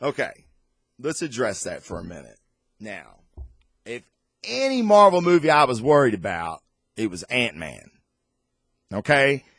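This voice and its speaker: A man hosting a casual comic and movie review, rambling and excitable, with lots of fillers and restarts. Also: mid-range voice, no echo. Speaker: host.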